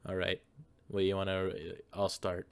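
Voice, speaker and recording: A man's voice: deep voice, monotone, moderate pace, clear, resonant tone, no room sound. A man hosting, goofily rambling through an improvised comedy story with a friend. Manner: goofy, rambling, lots of fillers. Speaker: host.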